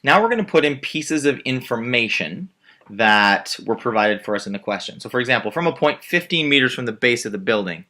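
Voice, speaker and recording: A man's voice: medium pitch, expressive, brisk, bright, forceful tone. A male math teacher patiently walking through a word problem step by step while drawing a diagram. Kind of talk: screen-recorded math lesson.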